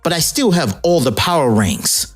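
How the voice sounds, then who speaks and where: A woman's voice: low-pitched, lively intonation, moderate pace, slightly rough, soft background music. A woman voicing a proud, dismissive female comic villain. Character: proud, cool female villain with power rings.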